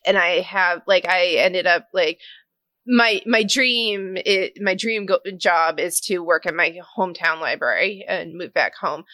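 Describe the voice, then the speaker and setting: A woman's voice: fairly low pitch, measured pace, bright, forceful tone, no room sound. A woman in her twenties from Massachusetts co-hosting a podcast, chatting casually and filling her sentences with "like". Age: 20s. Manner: filler-heavy, many "like"s. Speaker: podcast co-host. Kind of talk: casual chat.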